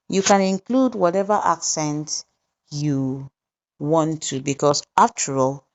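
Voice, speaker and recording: A woman with a low voice talks through a tutorial slowly and deliberately, one step at a time. She pauses with small fillers as she goes. The recording sounds slightly dull and lo-fi. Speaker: tutorial host. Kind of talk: screen-recorded software tutorial narration.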